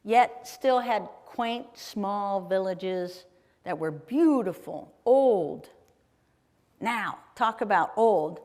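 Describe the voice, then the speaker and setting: Slow, chatty woman in a big hall. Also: medium pitch, a little mellow. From Ohio, USA. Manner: chatty, enthusiastic, addresses the audience with questions. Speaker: guest speaker. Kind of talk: live travel presentation with slides. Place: performing arts center auditorium. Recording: long reverb of a large hall. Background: live audience in a hall.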